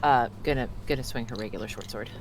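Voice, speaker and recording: Talking fast in a mid-range voice amid very heavy noise, a man plays a casual tabletop game. He's chatty and apologetic and rechecks the rules as he rolls, all while clearing his throat and choking on mucus.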